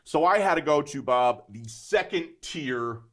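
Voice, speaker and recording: A man's voice: fairly high pitch, unhurried. Man in his 50s, chatty storyteller. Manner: animated storyteller, many "right?" asides. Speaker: guest entrepreneur. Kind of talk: storytelling in a conversational interview.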